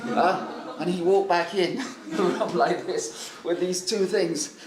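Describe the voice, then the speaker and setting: A man's voice: high-pitched, fairly even intonation, slow, roomy sound. A man preaching a sermon and telling stories in a loose, rambling way with many fillers and restarts. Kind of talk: sermon with storytelling.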